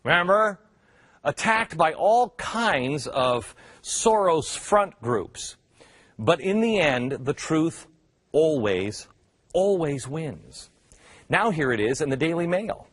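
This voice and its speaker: Male talk host, mocking commentary, slightly raised pitch, very animated delivery. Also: slow, no echo, studio quality. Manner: sarcastic, mocking asides. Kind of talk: opinion commentary.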